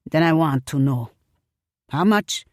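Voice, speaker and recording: A woman reading an audiobook, voicing a young female customer with a Caribbean accent who asks soft, direct questions. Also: low-pitched, expressive, unhurried, no room sound, clean studio sound. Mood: curious.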